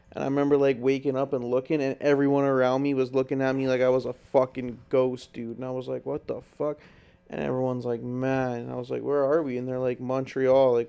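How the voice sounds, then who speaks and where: A man's voice: mid-range voice, creaky, dark tone, clean tone. A man hosting a podcast, telling stories in a laid-back, swearing casual chat. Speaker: podcast host.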